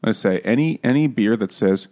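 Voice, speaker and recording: A man's voice: lowish voice, animated, normal speed, darkish tone. A man in his thirties co-hosting a casual chat, swearing and laughing often as he retells stories with energy. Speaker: podcast co-host.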